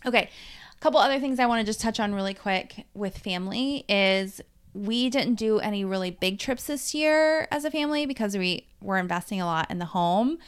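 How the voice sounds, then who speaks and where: Brief: woman in her 40s, from Dallas-Fort Worth, solo podcast host, candid and chatty, smooth clear voice at a middle pitch. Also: expressive. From Dallas-Fort Worth, Texas. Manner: chatty, candid, swearing freely, quickening and slowing as she tells a story. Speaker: life coach and podcast host. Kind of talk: casual solo podcast monologue.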